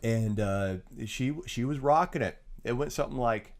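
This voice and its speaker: A tired man co-hosting a clown web show, telling goofy, animated stories in casual banter. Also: mid-range voice, brisk, hardly any pauses. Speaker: co-host, clown.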